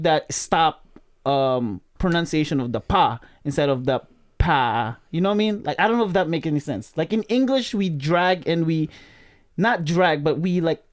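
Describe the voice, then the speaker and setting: A man hosting a podcast, explaining his point casually in a rambling way with many restarts. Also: fairly high pitch. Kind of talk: casual chat.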